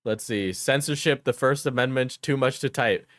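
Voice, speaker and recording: A man livestreams his casual reactions to online drama, talking to his chat while joking and laughing often. His mid-range voice is fairly bright and moves at a moderate pace, on a dry, studio-quality recording.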